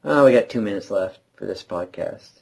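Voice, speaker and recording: A man's voice: lowish voice, animated, a little fast, creaky, darkish tone, husky, rough recording. A man co-hosting a casual late-night podcast, rambling, trailing off and laughing often. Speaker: podcast co-host.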